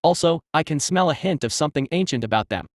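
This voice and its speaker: A man's voice: a little high, animated, fast, dry recording, studio quality, close to an everyday voice. A man voicing a huge male spider who speaks in stiff, pompous, formal phrases. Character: giant spider king, male, formal and servile.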